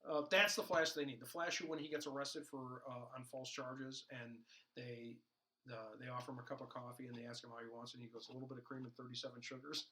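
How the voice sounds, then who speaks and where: Bright-voiced man rambling with jokes. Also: mid-range voice, steady tone, brisk, poor audio. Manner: rambling and jokey, with many fillers and restarts. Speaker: podcast co-host. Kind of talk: casual chat.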